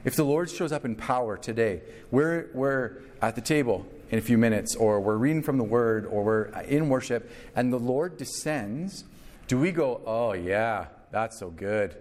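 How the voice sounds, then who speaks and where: A man preaching a sermon, telling a story with lively acted-out quotes. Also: medium pitch, normal speed. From Canada. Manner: animated storyteller, acts out quotes. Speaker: pastor.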